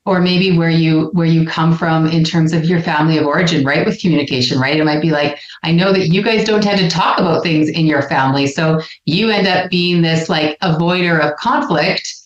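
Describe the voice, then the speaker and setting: A woman with a lowish voice co-hosting a podcast, animated and playful as she acts out quotes. Her audio sounds roomy and a little dull, as if recorded in an echoey space on a lo-fi mic. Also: brisk, hardly any pauses. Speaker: podcast co-host, relationship psychologist. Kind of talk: casual podcast conversation.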